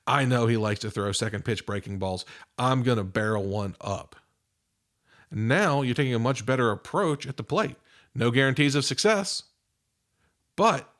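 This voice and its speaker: A middle-aged man coaching athletes through mental reset routines, his voice at an ordinary mid pitch. He talks in an encouraging, instructive way, acting out breaths and pep talks as he goes. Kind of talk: podcast instruction.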